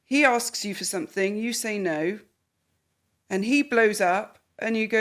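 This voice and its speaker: A woman's voice: mid-range voice, a little slow. A woman counsellor hosting a podcast, talking a client through a coaching session and acting out the voices of the people she quotes. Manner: animated, acts out quoted voices. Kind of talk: therapy session conversation.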